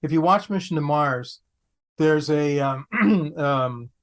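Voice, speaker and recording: A man, an actor guest on a podcast, telling anecdotes in an animated way, repeating phrases for comic effect. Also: a little high, takes it slowly. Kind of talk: anecdotal storytelling.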